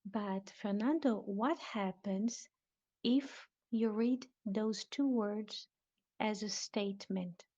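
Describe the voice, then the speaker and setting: A woman teaching a live online Bible lesson, speaking deliberately and quizzing her students. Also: medium pitch, dark tone. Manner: slow, deliberate, questioning students. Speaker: Biblical Hebrew teacher. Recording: dull lo-fi online audio room.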